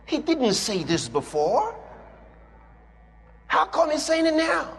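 A man preaches with a high, lively voice that climbs and drops, slowly and deliberately. He swings between hushed asides and shouted lines, reading scripture to his hearers. The sound carries a long hall reverb. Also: gravelly. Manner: reads scripture aloud to a congregation. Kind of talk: sermon.

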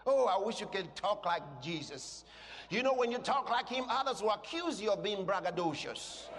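A man preaching a sermon to a congregation, speaking emphatically and breaking into shouted declarations. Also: sits high, animated, moderate pace. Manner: asks the congregation questions. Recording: long reverb in a large hall.

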